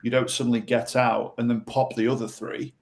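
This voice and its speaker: Gravelly man giving advice. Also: medium pitch, fairly quick, background noise. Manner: acts out quoted voices, animated examples. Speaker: podcast guest. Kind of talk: conversational advice.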